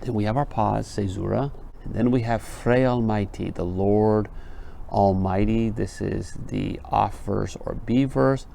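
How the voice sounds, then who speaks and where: Slow, deliberate male literature teacher. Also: fairly low pitch, gravelly, mellow, slight background noise. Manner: slow, reads verse lines aloud, checks in with 'right?'. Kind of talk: explanatory lecture.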